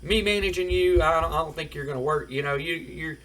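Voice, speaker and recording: A man's voice: a little high, fairly quick, distant mic, natural voice. A man voicing a brash, money-minded wrestling manager who waves off a former client. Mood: dismissive. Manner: loud, dismissive, blustering. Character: brash, greedy male wrestling manager, middle-aged.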